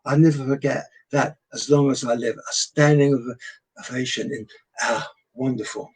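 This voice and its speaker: A man's voice: mid-range voice, moderate pace, slightly rough, poor audio. An older English man, a veteran entertainer, telling showbiz anecdotes in a chatty interview and acting out the voices of people he quotes. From England. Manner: animated storyteller, acts out quoted voices. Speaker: guest entertainer. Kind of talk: anecdotal chat.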